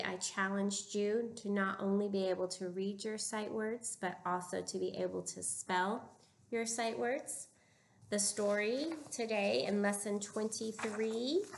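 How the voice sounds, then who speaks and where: Woman reading teacher, very slow, clear prompts, pauses for kids to answer, mid-pitched. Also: slight background noise. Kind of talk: recorded phonics lesson for young children.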